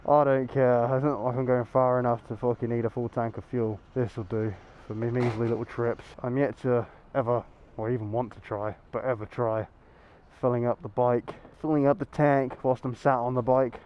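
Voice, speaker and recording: A young British man vlogging from his motorbike, chatty, sweary and self-mocking, his voice slightly croaky from being ill. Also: medium pitch, fairly even intonation, normal speed. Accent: British English. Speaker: motovlogger. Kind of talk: casual riding vlog. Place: outdoors on a motorbike in town traffic. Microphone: lapel mic under a helmet. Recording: muffled lo-fi with traffic noise.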